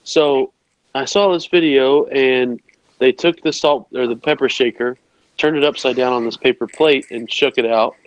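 A man's voice: medium pitch, normal speed, no room sound, rough recording. A young man co-hosting a podcast, explaining something step by step in a friendly, casual way. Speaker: podcast co-host. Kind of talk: casual chat.

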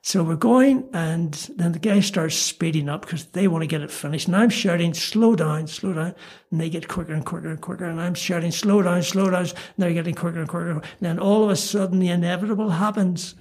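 A man's voice: a little high, fairly even intonation, fast talker, hardly any pauses, darkish tone. An older man with a Belfast accent, telling self-mocking anecdotes in a casual chat, with many ums and restarts. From Northern Ireland. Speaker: guest storyteller. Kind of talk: casual storytelling.

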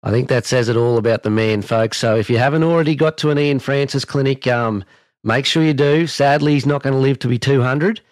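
A man's voice: mid-range voice, fairly even intonation, brisk, dry recording. An Australian man hosting an interview, chatting casually and telling an anecdote in a matey way. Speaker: podcast host and horse coach.

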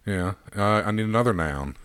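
A man's voice: fairly low pitch, animated, normal speed, a bit bright, no room sound. A man co-hosting a podcast, chatting casually and reading a silly word-game story aloud, laughing at his own readings. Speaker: podcast co-host.

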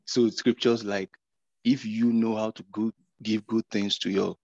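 Guy, low voice, kinda halting and earnest, muffled call audio. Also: little pitch movement, darkish tone, dry recording. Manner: halting, repeats words, earnest. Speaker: participant. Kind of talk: casual faith sharing. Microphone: video call.

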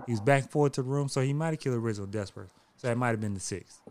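A man's voice: medium pitch, very fast, darkish tone. A man hosting a podcast, chatting casually and laughing easily as he tells stories. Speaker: podcast host. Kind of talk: casual chat.

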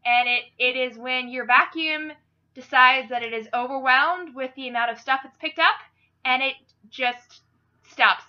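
A woman's voice: high-pitched, a little slow, dry recording, highs cut off. A young woman with a Minnesotan accent, hosting a casual podcast in a rambling, self-deprecating way that drifts off on side tracks. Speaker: podcast host.

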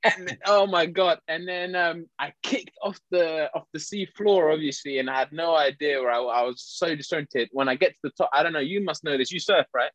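A man telling a story in casual chat, animated, laughing often and restarting his sentences. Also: fairly high pitch, a little fast, hardly any pauses, no room sound.

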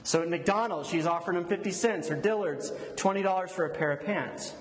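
A man preaching, leading a prayer and then telling a story in a relaxed, conversational way. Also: high voice, brisk. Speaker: pastor. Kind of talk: sermon with storytelling. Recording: echoey hall, long reverb.

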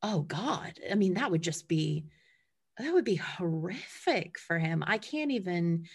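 A woman's voice: fairly low pitch, very animated, measured pace, husky. A woman in a casual conversation about dog training, talking animatedly and acting out her dogs' reactions.

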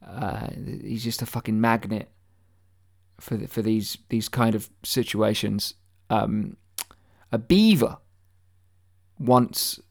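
A man delivering a deadpan satirical conspiracy monologue, mock-earnest and rambling, with stammered restarts and swearing. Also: fairly low pitch, slow, gravelly.

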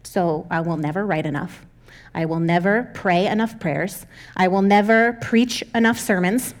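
A woman's voice: on the low side, moderate pace. A young adult woman pastor giving a conversational sermon, candid and self-deprecating, often laughing as she talks.

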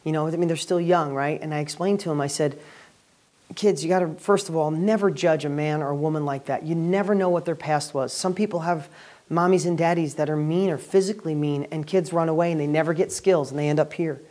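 A man hosting a weekly video and speaking to camera as a real estate educator, giving an energetic, upbeat motivational talk. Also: fairly high pitch, brisk.

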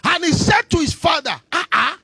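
Preacher, sermon, very high lively voice, husky, dry sound. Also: male voice, normal speed, no room sound. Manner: animated, shouting, sing-song cadence, asks congregation to respond.

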